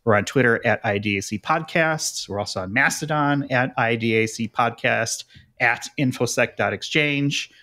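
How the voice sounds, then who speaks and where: A man hosting a podcast, joking with his guest in a relaxed way and reading show promos. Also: mid-range voice, normal speed. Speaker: podcast host. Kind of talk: casual podcast chat.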